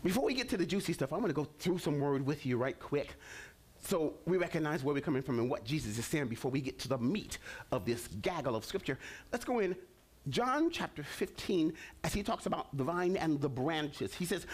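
Animated man preaching a sermon. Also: fairly high pitch, brisk, breathy edge. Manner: animated, repetitive preaching with stammered restarts. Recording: television ministry broadcast.

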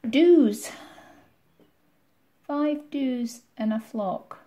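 A Scottish woman telling a rhyming story to children while drawing, gentle and rhythmic, with soft asides. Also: high voice, very animated, extremely slow, long pauses, echoey room, slight background noise. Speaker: music tutor.

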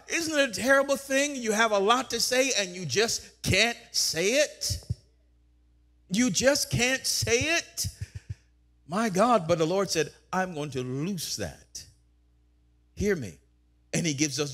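A man preaching a sermon, fervent, repeating phrases and building to loud declarations. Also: high voice.

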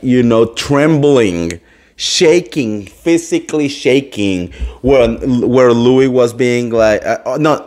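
Gossipy man hosting a chatty show. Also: medium pitch. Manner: animated, gossipy, acts out quotes, calls listeners "girl". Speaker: host. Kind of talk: casual gossip chat.

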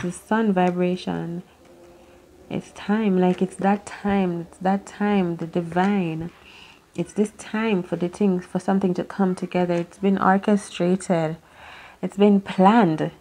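Woman, tarot reader, unscripted reading, rambling, profane, musing aloud, mid pitch. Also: mellow.

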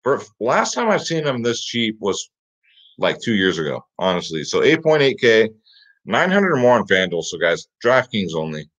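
Speaking at normal speed, this host has a fairly low, fairly bright voice with big pitch swings. His fantasy sports picks show is a casual, energetic rundown where "guys" and "get him in there" come up again and again. The lo-fi recording is slightly dull.

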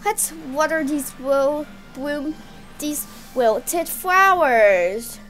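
A playful woman chats casually while playing a video game, often repeating herself. Her voice sits high and her pace is unhurried. Faint music plays underneath. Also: fairly bright tone. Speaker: gaming channel co-host. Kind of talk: casual gameplay chat.

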